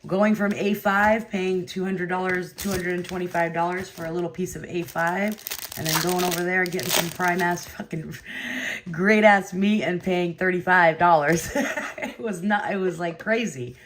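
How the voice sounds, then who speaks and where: A woman hosting a card break, chatting casually and rambling between pulls, with excited outbursts. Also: on the low side, normal speed, a little hiss or hum. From California. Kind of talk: casual live-stream chat while opening cards.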